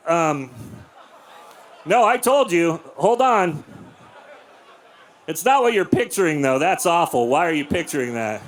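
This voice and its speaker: A man in his forties doing a crude, deadpan stand-up set in a comedy club, acting out quotes in silly voices. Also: a little high, moderate pace. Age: 40s. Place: comedy club with a live audience.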